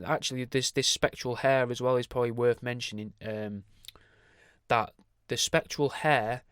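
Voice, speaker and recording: With a clear, resonant mid-range voice, a man runs his podcast alone, rambling and swearing casually through many asides and restarts. The sound is clean, studio-grade, without echo.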